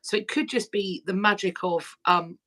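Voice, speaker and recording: Woman host, loose chatty delivery, mid-pitched, phone audio. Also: moderate pace, a bit bright. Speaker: YouTube channel host. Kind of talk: casual livestream chat.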